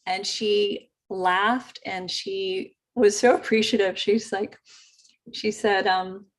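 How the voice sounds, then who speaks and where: Woman, middle pitch, casual storytelling, animated, host. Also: slow pace. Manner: chatty, animated retelling with acted quotes.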